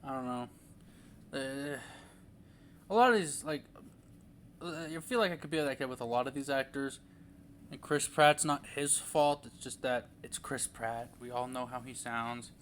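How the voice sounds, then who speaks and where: A man's voice: mid-range voice, normal speed, long pauses, fairly bright tone, slight background noise. A young man giving a casual, rambling movie review, full of fillers and restarts.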